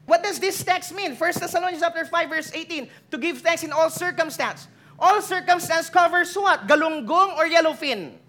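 A preacher with a Filipino accent speaks in a high, bright voice. The sermon is lively, with playful teasing of the listeners and easy switches between languages.

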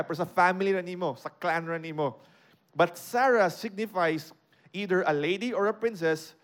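A man with a Filipino accent teaching a sermon, switching between English and Cebuano, and getting louder to stress key points. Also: high voice. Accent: Filipino, mixing English with Cebuano. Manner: explains a scripture passage, code-switching and raising his voice for emphasis. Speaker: preacher.

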